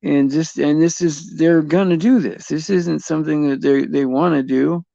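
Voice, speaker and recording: A man with a gravelly, slightly high voice talks slowly and loosely in a casual faith chat. He rambles, stops and restarts, and chuckles as he goes. The sound is dry and a bit dull. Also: steady tone, warm tone, dry recording. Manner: rambling, halting, many fillers and restarts, chuckling often.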